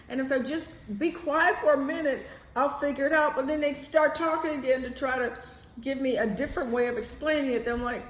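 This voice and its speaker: A woman vlogging in a casual, animated chatty way, swearing now and then. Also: high-pitched, brisk, echoey room. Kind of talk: casual chat to camera.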